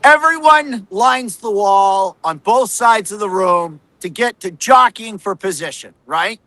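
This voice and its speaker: Sarcastic American reporter guest, high and bright, dry sound. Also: male voice, measured pace, no echo, poor audio. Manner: sarcastic, mocking impressions. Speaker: political reporter. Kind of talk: casual political talk.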